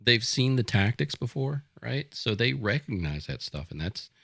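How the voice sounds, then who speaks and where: A man's voice: mid-range voice, sing-song, normal speed, vocal fry, a bit bright, breathy edge, no room sound, studio quality. A man in casual conversation, telling a rambling story as a podcast co-host. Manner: rambling, chatty.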